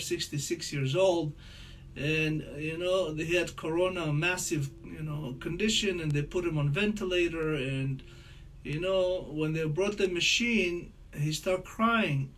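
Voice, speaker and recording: A man teaching a Torah lesson in English, chatty and explanatory, reciting verses quickly. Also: on the high side, a bit bright, slight background noise. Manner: conversational teaching, mixing Hebrew quotes into English; rattles off Hebrew verses quickly. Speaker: rabbi teaching a class.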